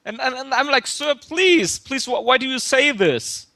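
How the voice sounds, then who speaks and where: A jittery young male student , voiced by a man, phones in with a hammy put-on German accent and stumbles through every sentence. The voice sits high and sharp, recorded dry and close with no room around it. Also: animated, a little slow, dry recording, heavily acted. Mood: flustered. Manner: stammering, repeats words, earnest and flustered. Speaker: prank caller. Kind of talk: prank call-in.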